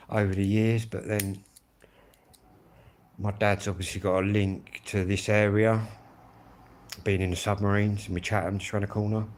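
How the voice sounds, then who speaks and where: Lower-voiced rambling man with a Kent accent. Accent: Kent English. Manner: rambling, chatty, swears freely. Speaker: music channel host. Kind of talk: casual live-stream chat.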